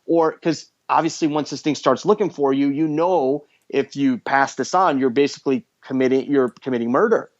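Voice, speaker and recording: A man's voice: mid-range voice, normal speed, hardly any pauses. A man hosting a podcast, retelling a horror movie plot in casual chat and acting out the characters' lines. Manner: animated storyteller acting out quoted lines. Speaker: podcast host. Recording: dull lo-fi podcast audio.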